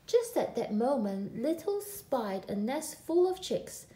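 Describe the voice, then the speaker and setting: A woman reads a children's picture book aloud, expressive and slow, her voice mellow with a lively rise and fall. The room around her sounds echoey. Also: a little high. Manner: expressive, drawn out. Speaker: storyteller.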